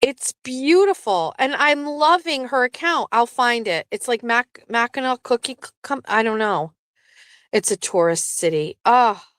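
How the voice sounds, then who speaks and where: A woman's voice: on the high side, a little slow, no room sound. Chatty woman host, dry close sound. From southeastern Massachusetts. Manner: chatty, rambling, swears freely; lively, breaks into laughs. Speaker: show host. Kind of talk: casual livestream chat.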